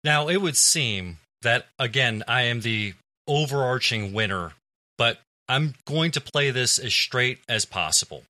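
Male panelist, mock-earnest, bright and lively, dry mic. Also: mid-range voice, unhurried, no room sound. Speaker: podcast panelist arguing a case. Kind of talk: casual comedic debate.

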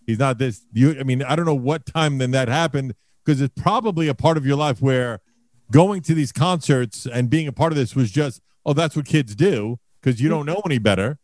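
A man's voice: mid-range voice, normal speed, a little mellow, no room sound. A man hosting a casual interview, asking long, wandering questions in a conversational way. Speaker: host.

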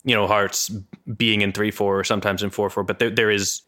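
Podcast guy, lowish bright voice, keeps hedging and restarting. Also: flat delivery, fairly quick. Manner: self-deprecating, hedging, many restarts. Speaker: podcast co-host. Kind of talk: casual podcast discussion.

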